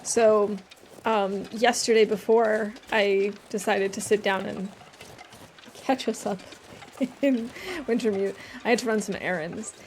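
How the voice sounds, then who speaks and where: A woman's voice: medium pitch, a little hiss or hum. A woman streamer giving casual let's-play commentary while she plays, chatty and rambling with a self-amused tone.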